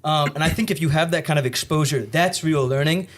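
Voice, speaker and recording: Fast-talking young man telling stories. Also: on the high side. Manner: profane, storytelling, animated. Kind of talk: casual podcast chat.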